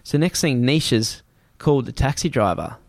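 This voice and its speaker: A man with an Australian accent telling a story in a casual chat, rapid and swearing freely as he acts out what people said. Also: mid-range voice, sing-song, vocal fry, dry recording, clean studio sound.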